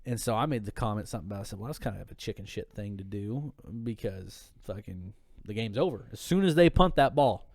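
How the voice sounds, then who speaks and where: A man's voice: lowish voice, lively intonation, fairly quick, vocal fry, darkish tone, no echo, clean studio sound. A man talking casually on a podcast, telling a heated, profane story and sounding a little tipsy. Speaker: podcast guest. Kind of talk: casual drunk podcast chat.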